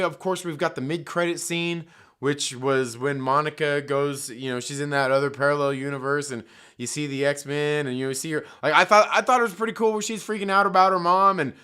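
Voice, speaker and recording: Bright, profane man ranting. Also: fairly high pitch, smooth. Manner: profane, heated, rambling, many fillers. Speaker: movie commentary host. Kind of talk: casual rant, film review.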